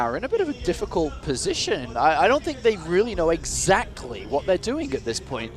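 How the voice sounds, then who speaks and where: Lively British esports commentator, man. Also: high-pitched. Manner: lively, self-deprecating, corrects himself. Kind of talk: live game commentary.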